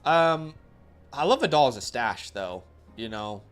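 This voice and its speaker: Faint music plays behind this fantasy football host, whose medium-pitched voice is animated, unhurried, smooth and fairly bright. On his casual live stream he fields viewer questions bluntly, thinking out loud with fillers and restarts while his nose runs.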